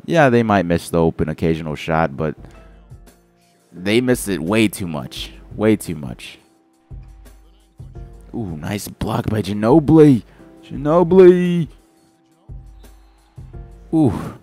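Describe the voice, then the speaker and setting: Young man, very deep groggy voice, rambling game commentary over faint music. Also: big pitch swings, unhurried, pauses often, a little mellow. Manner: rambling, self-correcting, groggy morning voice. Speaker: gaming commentator. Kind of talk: casual gameplay commentary.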